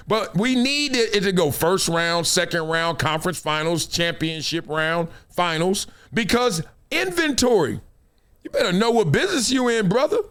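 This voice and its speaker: Animated, high-voiced male show host. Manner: animated, acts out voices, slangy. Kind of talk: casual commentary livestream.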